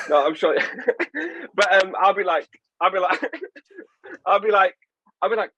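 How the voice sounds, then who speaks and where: Animated, jokey Northern English man. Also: high voice, slow pace, long pauses, lo-fi sound. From England. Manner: animated, jokey, puts on voices. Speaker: podcast host. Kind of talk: casual chat.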